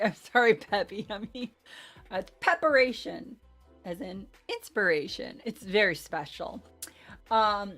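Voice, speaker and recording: A woman's voice: mid-range voice, fairly bright tone. Chatty woman recapping a game, music behind. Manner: chatty, self-deprecating, rambling with many fillers. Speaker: host recapping a tabletop game. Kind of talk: casual chat.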